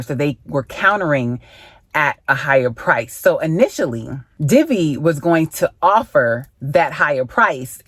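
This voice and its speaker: A woman real estate agent, chatting casually to camera and quoting people in lively voices. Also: deep voice, no echo. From Georgia, USA. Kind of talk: casual vlog talk to camera.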